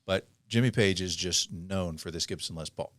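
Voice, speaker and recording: A man's voice: deep voice, moderate pace, fairly bright tone, dry recording, clean studio sound. A man co-hosting a podcast in casual chat, enthusiastic and rambling. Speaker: podcast co-host.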